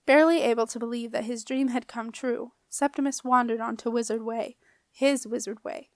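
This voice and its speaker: A woman narrating a children's fantasy audiobook in a clear, expressive manner. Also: a little high, moderate pace, dry recording. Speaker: audiobook reader. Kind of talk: storybook narration.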